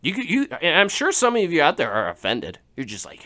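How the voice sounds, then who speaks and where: A man's voice: fairly high pitch, wildly swooping pitch, moderate pace, few pauses, bright, forceful tone. A young man hosting a radio show, rambling through a joking monologue with laughs and restarts. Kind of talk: casual comedic monologue.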